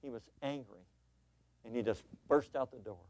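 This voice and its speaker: Pastor telling a lively sermon story. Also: male voice, medium pitch, moderate pace.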